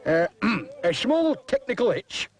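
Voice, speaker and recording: A man's voice: high voice, very animated, takes it slowly, voice pushed up, heavily acted. A man voicing a young boy who plays the wolf in a family play, announcing and blustering threats. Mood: flustered. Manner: showman announcing, then growling threats. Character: eager boy playing a wolf.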